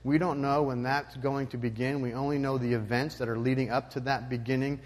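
A man preaching a sermon as pastor, animated and emphatic, with loud rising peaks. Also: mid-range voice, fairly quick, big-room sound.

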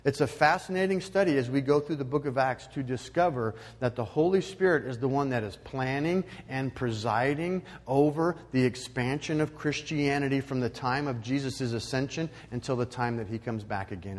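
Male pastor, sermon, emphatic preaching, loud rising peaks, long church reverb. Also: medium pitch, moderate pace, hardly any pauses.

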